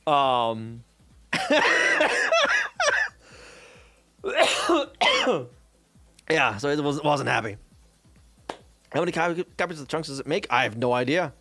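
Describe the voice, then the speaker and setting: A man's voice: a little high, wildly swooping pitch, extremely slow, long pauses, pushed and bright, soft background music. A man streaming a casual, exasperated rant about programming. He swears freely and leans on fillers and tag questions.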